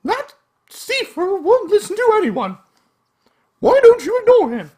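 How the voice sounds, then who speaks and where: A man voicing a fussy middle-aged female school doctor in a video game, in a shrill falsetto. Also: very animated, measured pace, mellow, full character voice. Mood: scolding.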